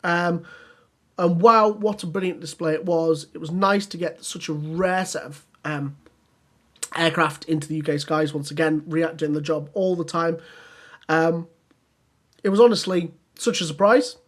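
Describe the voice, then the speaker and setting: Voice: medium pitch, fairly even intonation, moderate pace. A podcast co-host chatting casually and enthusiastically, with many ums and restarts. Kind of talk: casual chat.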